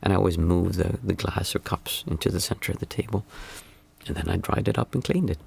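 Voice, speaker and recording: Man, meditation teacher, low gravelly voice, reflective musing talk, calm, frequent restarts. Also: a little fast.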